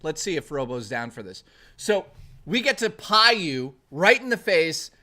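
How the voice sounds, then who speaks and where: A man livestreaming in casual chat, rowdy and profane, thanking chat and joking excitedly. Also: a little high. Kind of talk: casual live-stream chat.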